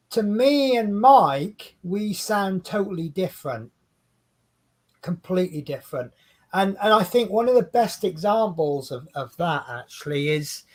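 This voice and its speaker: A man with an English accent co-hosting a casual livestream chat, rambling and chatty and often breaking off mid-sentence. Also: fairly high pitch. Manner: rambling, chatty, self-interrupting. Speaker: co-host.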